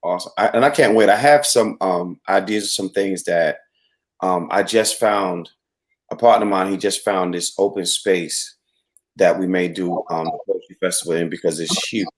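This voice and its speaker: Man host, reflective, earnest, halting speech. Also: low-pitched, steady tone. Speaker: host and venue owner. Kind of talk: casual chat.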